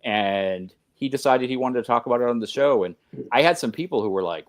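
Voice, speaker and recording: A man's voice: mid-range voice, lively intonation, a little fast. A man speaking as a podcast guest, earnest and emphatic, talking in long run-on sentences with restarts. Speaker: podcast guest, host of his own show. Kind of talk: conversational podcast talk.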